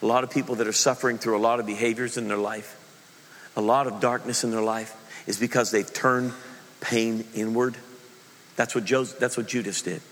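A middle-aged male pastor delivers a sermon with a bright, forceful voice that rings through a church sanctuary with long reverb. He tells his story in an animated way, acting out the voices of the people he quotes. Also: mid-range voice, moderate pace. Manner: animated storytelling, acts out quotes, laughs at own slip.

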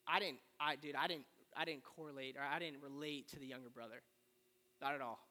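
A man preaching a sermon, retelling the story in a casual, animated way with slang. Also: mid-range voice, fairly quick. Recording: long reverb of a large hall.

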